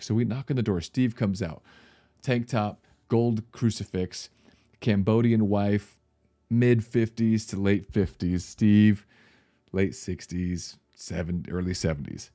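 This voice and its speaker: Middle-aged male pastor, low-ish voice, casual animated vlog storyteller. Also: a little slow, dry recording. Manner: animated storyteller, laughs mid-sentence.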